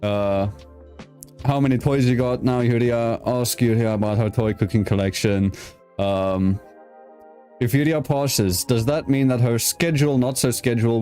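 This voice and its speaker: A man's voice: lowish voice, dark tone. A young man from South Africa hosting an online interview show, joking around in casual chat and stumbling over his words. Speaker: podcast host.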